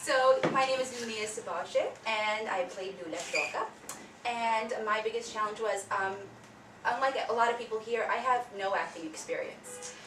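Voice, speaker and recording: A woman talks about her part in the show on a panel, sincere, thankful and given to laughing. The mic is some way off, so her voice sounds distant in a reverberant room with steady background noise. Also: a little high, normal speed. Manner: earnest, thankful, laughs easily. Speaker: cast member in a post-show talk. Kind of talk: casual panel talk.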